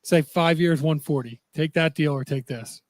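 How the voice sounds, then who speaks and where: A man co-hosting a sports podcast, chatting casually and reacting quickly. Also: a little high, darkish tone, no room sound. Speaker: podcast co-host.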